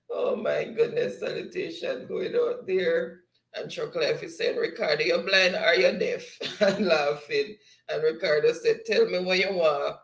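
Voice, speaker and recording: A man's voice: high voice, a bit bright, roomy sound. A man hosting a livestream, reading viewers' chat aloud and laughing often. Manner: laughs often, slow and easygoing. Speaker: livestream host.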